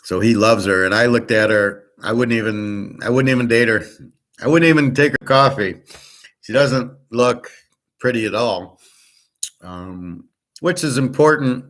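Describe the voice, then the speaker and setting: Man, casual monologue, blunt, profane, rambling, mid-pitched voice. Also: a little slow, a bit bright. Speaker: show host.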